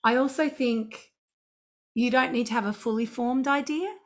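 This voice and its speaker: A woman talks through her songwriting in a casual interview. She tells stories in an easy, chatty way and keeps things animated with quick asides. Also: on the high side. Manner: chatty, anecdotal, animated storytelling. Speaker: songwriter and singer.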